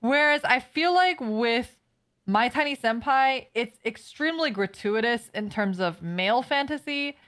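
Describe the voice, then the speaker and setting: A woman's voice: on the high side, animated, a little slow, a bit bright. A woman co-hosting a casual anime podcast, blunt and profane, talking in long filler-heavy rants. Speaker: podcast co-host.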